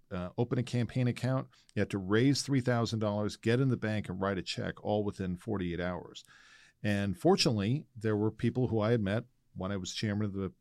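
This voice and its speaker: A man hosting an interview, asking questions and explaining his own fundraising experience in a measured way. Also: on the low side, darkish tone, no room sound, clean studio sound. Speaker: interview host.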